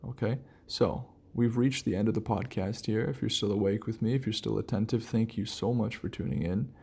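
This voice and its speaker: Gravelly, low-key male podcast host. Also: steady tone, fairly quick, dark tone. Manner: rambling, many restarts and fillers. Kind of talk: relaxed solo podcast rambling.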